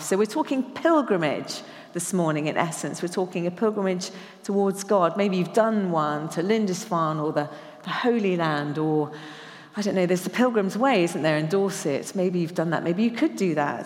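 A woman preacher from England giving a conversational sermon in a church, slowing down to read scripture with emphasis. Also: fairly low pitch. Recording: church hall reverb.

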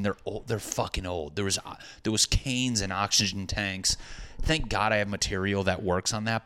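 A man's voice: low voice, fairly bright tone, clean tone. A young man, a stand-up comedian, telling a rambling, profane, self-deprecating story in casual chat.

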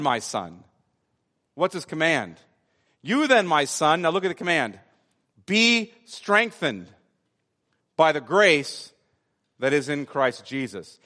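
A man's voice: a little high, fairly bright tone. Man preaching in a reverberant church. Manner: expository preaching, emphatic repetition, slows to stress key words. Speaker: pastor. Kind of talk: sermon. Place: church sanctuary.

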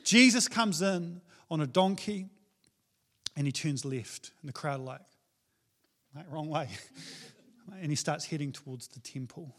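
High-voiced New Zealand pastor, joking. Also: male voice, normal speed, fairly bright tone. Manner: casual, joking, conversational. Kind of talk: sermon.

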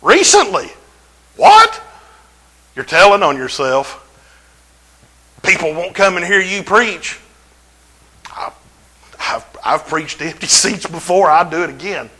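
A middle-aged man, preaching a folksy, humorous sermon in a church with drawn-out emphasis. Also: on the high side, lively intonation, pushed and bright, rough recording. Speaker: pastor.

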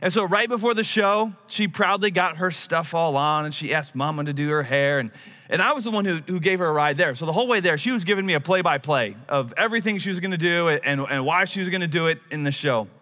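A man's voice: on the high side, fast talker, bright, forceful tone. A man in his thirties preaching a sermon, telling a personal story in a conversational, self-deprecating way. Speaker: pastor.

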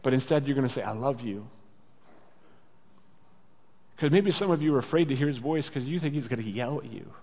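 A man's voice: medium pitch, racing, dark tone. A male pastor giving a conversational sermon, sometimes acting out little exchanges. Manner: conversational, with acted asides. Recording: church hall reverb.

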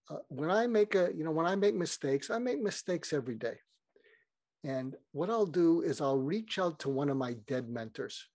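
Brief: chatty male podcast guest, slightly high voice, dry close recording, wandering delivery. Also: darkish tone, dry recording. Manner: meandering, frequent restarts. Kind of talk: casual rambling storytelling.

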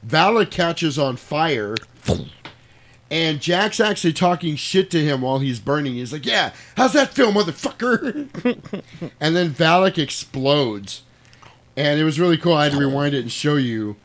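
A man's voice: fairly high pitch, moderate pace, a little hiss or hum. A man in casual chat, animatedly retelling a movie's plot with plenty of swearing and laughter. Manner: animated, profane, laughs while telling.

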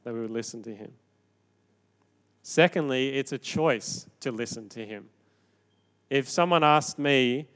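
A man preaching a sermon in a conversational, animated way, moving between quiet reflection and emphatic points. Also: mid-range voice, unhurried, long pauses. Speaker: pastor.

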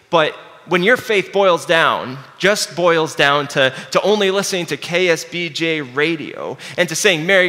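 A man preaching a sermon earnestly, dropping low and quiet to stress his key points. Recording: long hall reverb.

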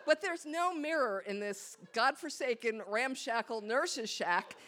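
A woman's voice: fairly high pitch, lively intonation, a little slow, fairly bright tone, some chatter behind, slight background noise. A woman telling a candid, self-mocking personal story on stage before a live audience, acting out her own thoughts as she goes. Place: small hall with a live audience.

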